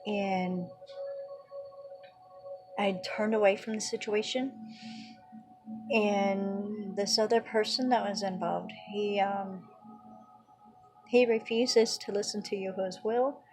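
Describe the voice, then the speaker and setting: A woman's voice: medium pitch, darkish tone, breathy edge. A woman giving an earnest religious teaching, retelling her own prayers and quoted conversations as testimony.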